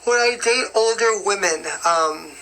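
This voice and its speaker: Bright, sharp-toned young woman, casual live-stream chat, lots of filler words, spoken into a phone. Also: medium pitch, measured pace, poor audio. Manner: chatty and rambling, full of "like" and "you know". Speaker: singer answering fan questions.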